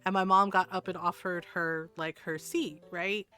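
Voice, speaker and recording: A woman's voice: on the low side, steady tone, moderate pace, bright, forceful tone, faint music behind. A woman livestreamer chatting casually with her viewers, answering chat and telling stories with frequent laughs.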